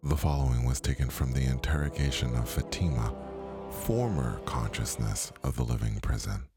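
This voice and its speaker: A man narrating a mystery story in a slow, hushed way, sometimes dropping to a whisper, over faint music. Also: a bass voice, animated. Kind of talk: scripted audio drama narration.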